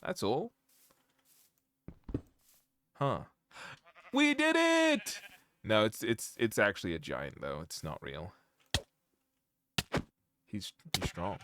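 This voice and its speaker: A man's voice: low-pitched, lively intonation, measured pace, long pauses, a bit bright, a little hiss or hum. A young man live-streaming from home, chatting casually with his viewers, rambling and joking as he reads their comments.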